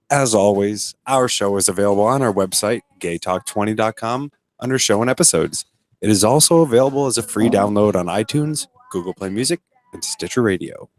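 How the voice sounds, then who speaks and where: A man's voice: on the low side, lively intonation, fairly quick. A man co-hosting a podcast, speaking earnestly and with emphasis. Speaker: podcast co-host. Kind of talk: casual chat.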